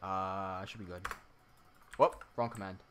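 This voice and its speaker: A man's voice: deep voice, fairly even intonation, measured pace, a bit bright, a little hiss or hum. A man from Hong Kong with an American-sounding accent, chatting casually on a Minecraft livestream and reading viewer messages aloud. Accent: American-sounding English. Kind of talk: casual livestream chat while building.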